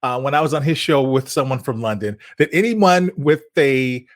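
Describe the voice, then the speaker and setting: An American man hosting an interview, effusive and quick to laugh. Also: mid-range voice, lively intonation. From United States. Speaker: podcast host. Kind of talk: casual interview chat.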